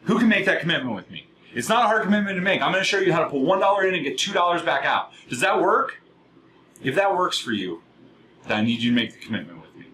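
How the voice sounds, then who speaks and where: A middle-aged man giving a passionate, fast-talking sales workshop, firing questions at a live audience in a room. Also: fairly high pitch, sing-song, fairly bright tone, a little hiss or hum, poor audio.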